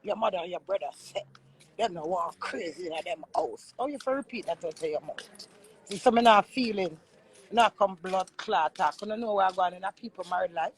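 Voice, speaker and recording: A woman's voice: mid-range voice, a little fast, rough recording. A young Jamaican woman vlogger ranting in an angry, accusing way, swearing often. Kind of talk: heated rant.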